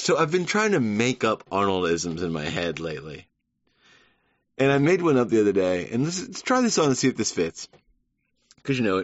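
A man's voice: lowish voice, no room sound. A man hosting a solo podcast, playful, laughing at his own jokes and talking straight to listeners. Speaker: podcast host. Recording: dull lo-fi.

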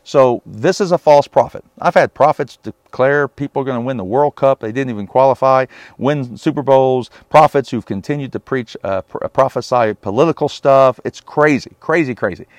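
A man's voice: medium pitch, normal speed, hardly any pauses, no room sound. Emphatic male preacher, dry close sound. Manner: emphatic, talks straight to listeners with rhetorical questions. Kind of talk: sermon on a Bible passage.

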